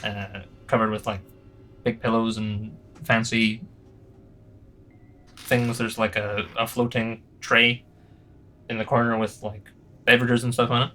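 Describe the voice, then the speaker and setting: Rambling male game master, bright voice. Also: on the low side, flat delivery, measured pace, long pauses. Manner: rambling, hesitant, lots of fillers. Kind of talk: narrating a tabletop game.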